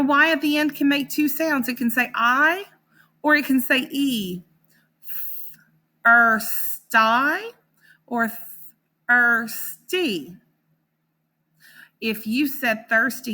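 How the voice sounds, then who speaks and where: Lady teacher sounding out words real slow for little kids, bright and kinda high. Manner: sounds out words slowly and encouragingly. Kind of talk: slow phonics lesson for young children.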